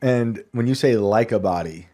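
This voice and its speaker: A man hosting a podcast, chatting casually and laughing as he fires off quick follow-up questions. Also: medium pitch, warm tone. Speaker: podcast host. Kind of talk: casual interview chat.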